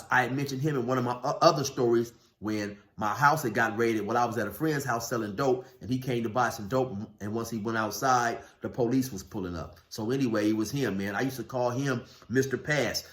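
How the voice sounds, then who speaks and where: A man casually telling a story from his past in a laid-back, drawling way, full of "man" and "you know". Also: mid-range voice. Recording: roomy echo.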